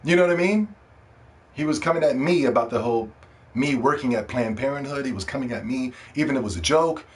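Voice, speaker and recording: A man hosting a casual solo gaming podcast, joking and ranting in a loose, profane way that swings from loud excitement to quiet asides. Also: medium pitch, fast talker. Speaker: podcast host.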